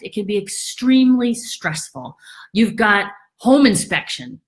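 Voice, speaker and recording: A woman realtor talks casually and explains her subject in an informal monologue. Her voice sits a little high and swings widely in pitch. She keeps breaking into short acted-out voices of worried sellers. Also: moderate pace. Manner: animated, acts out quoted thoughts in a high voice.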